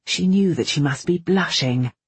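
Low, very husky woman narrating. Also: moderate pace, no room sound. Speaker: audiobook narrator. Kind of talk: scripted narration.

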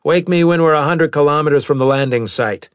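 Man doing a curt starship captain, clipped orders, high strained voice, loud, dry sound. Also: fairly quick, clean tone, dry recording, natural voice. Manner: clipped and dismissive. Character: stern commanding male starship captain.

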